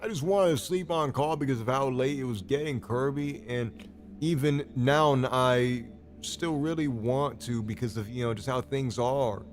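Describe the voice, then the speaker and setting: A man's voice: medium pitch, a little slow, faint music behind. A man hosting a stream, giving a comedic dramatic reading of messages in a pleading, rambling way full of stumbles and repeated apologies. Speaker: streamer host.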